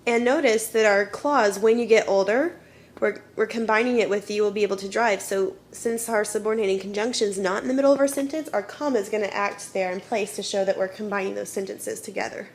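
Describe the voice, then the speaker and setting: A woman's voice: mid-range voice, steady tone, a little fast, slight background noise. A woman teaching a children's grammar lesson, patiently explaining step by step and often checking in with "okay?". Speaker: elementary school teacher.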